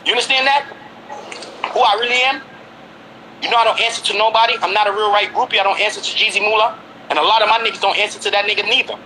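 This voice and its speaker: A fast, high-pitched man from Brooklyn, New York, in his forties, talking heatedly and pressing his listener with repeated questions. His voice is very bright and sharp, with a faint hiss of background noise. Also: fairly even intonation, low-quality recording. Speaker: guest. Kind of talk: heated casual conversation.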